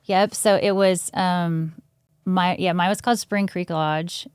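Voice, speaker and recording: A woman podcast guest recounting a personal experience in a casual, halting way, shivering from the cold. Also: lowish voice, steady tone, clean tone, dry recording, clean studio sound. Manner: halting, full of "like" and "um".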